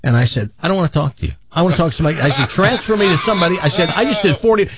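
A man's voice: a little high, very fast, lo-fi sound, crowd noise. A man animatedly retelling a frustrating story, exasperated, acting out the people he quotes. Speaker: caller telling a story. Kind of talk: casual storytelling on a talk show.

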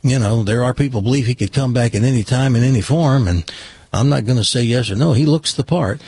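A man's voice: mid-range voice, brisk, a little mellow, husky, no echo. A man voicing a bartender inside a joke, talking in a folksy, noncommittal way. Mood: matter-of-fact. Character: easygoing male bartender.

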